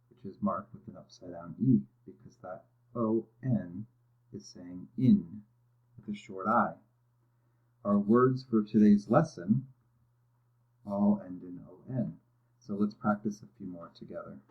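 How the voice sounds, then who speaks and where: Male teacher, low voice, walking students patiently through a phonics lesson; muffled, lo-fi recording. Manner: patient, step-by-step, checks in with "okay". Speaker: reading teacher. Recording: dull lo-fi audio.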